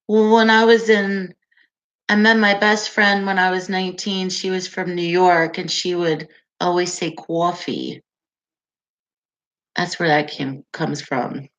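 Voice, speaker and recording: A woman's voice: on the low side, fairly even intonation, a little slow, long pauses, a bit bright, lo-fi sound. A woman in her forties hosting a casual livestream, chatting and reading viewer comments aloud with frequent laughter. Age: 40s. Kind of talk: casual live-stream chat.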